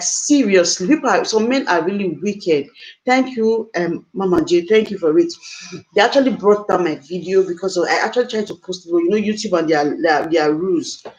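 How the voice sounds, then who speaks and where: A woman's voice: lowish voice, darkish tone, low-quality recording. A woman hosting a live stream, talking to viewers in a distressed, emotional, exclaiming way. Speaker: livestream host.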